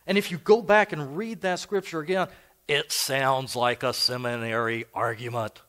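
A man's voice: medium pitch, fairly even intonation, moderate pace, a bit bright. An older man preaching a sermon as a pastor, telling personal stories in a conversational way. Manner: conversational and anecdotal. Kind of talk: storytelling sermon.

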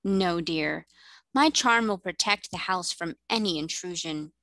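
A woman voicing a gracious, kindly mermaid queen who speaks in a cordial, measured way. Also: lowish voice, pushed and bright, no room sound, poor audio.

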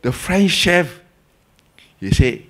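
A man with a Singaporean English accent gives a Dhamma talk as a Buddhist teacher. He tells the story lively, acts out the people in it, and mixes in colloquial local words. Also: fairly high pitch, takes it slowly. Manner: colloquial, Malay and Hokkien words mixed in.

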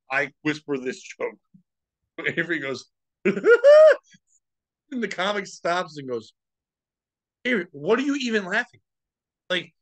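A man's voice: fairly high pitch, no room sound, low-quality recording. A man telling comedy stories in casual podcast chat, laughing often and acting out what people said. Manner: animated, laughs often, acts out quotes. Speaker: podcast host.

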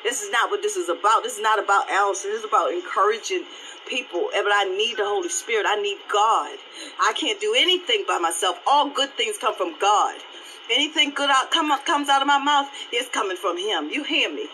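Bright-voiced woman pastor, animated. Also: mid-range voice, fairly quick, a little hiss or hum, poor audio. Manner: animated, repetitive, laughs often. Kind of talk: live-streamed devotional talk.

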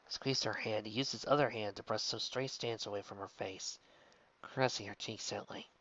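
A man reading a fan fiction story aloud in steady, soft-spoken narration. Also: on the low side, normal speed, dull audio. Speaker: story reader.

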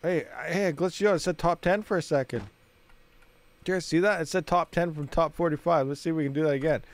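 A man's voice: fairly high pitch, fast talker. Chatty man narrating his gameplay. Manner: rambling, thinks aloud, self-talk with viewers. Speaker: gaming channel host. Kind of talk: casual gameplay commentary.

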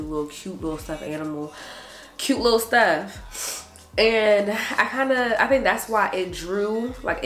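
A young adult woman vlogger chatting casually to her camera, animated and saying "y'all" a lot. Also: lowish voice. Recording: roomy echo, faint music behind.

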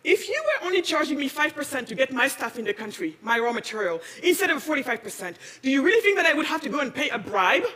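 A woman from Senegal giving a passionate conference talk, firing off challenging questions and rising to near-shouting. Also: high voice, very animated, quick pace, hardly any pauses. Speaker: speaker at a conference. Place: large conference hall. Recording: long reverb of a large hall.

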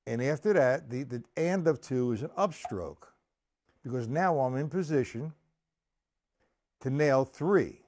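A man's voice: medium pitch, very animated, unhurried, darkish tone. A man teaching a drum lesson on a live stream, counting the beats aloud and explaining each stroke step by step.

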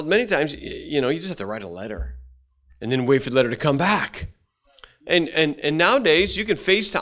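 A middle-aged man delivers a sermon in a plain, folksy way. His speech halts and restarts often, and he clears his throat from time to time. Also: on the high side, fairly bright tone. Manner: folksy, halting delivery with many restarts and fillers. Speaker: pastor.

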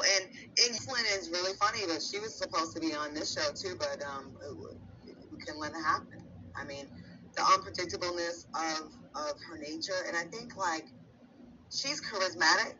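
A talk show host with a very bright, sharp voice leads a gossip segment in a brassy, teasing way. The host laughs often, and the sound is a little dull, with faint noise underneath. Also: mid-range voice.

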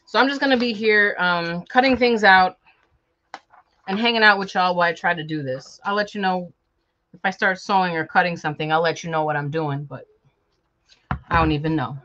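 A woman's voice: on the low side, a little fast, a bit bright, lo-fi sound. A woman from Chicago, chatting casually and joking with viewers on a live stream while working on a sewing project at home. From Chicago, USA. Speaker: sewing vlogger.

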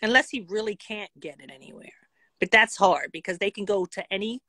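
A woman telling a casual storytime vlog in a blunt, profane and animated way. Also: mid-range voice, a little fast, breathy edge, dry recording. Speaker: vlogger.

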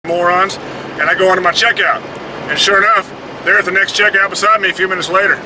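A man's voice: sits high, fast. Profane man ranting over road noise. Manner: profane, blunt, heated storytelling. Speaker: vlogger. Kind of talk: casual ranting monologue. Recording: noisy, with vehicle and traffic sounds.

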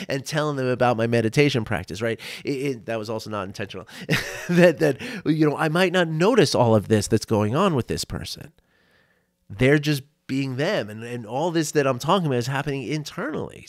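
A man's voice: medium pitch, no echo, studio quality. A man coaching on a solo podcast, talking casually and often checking in with "right?" and small laughs.

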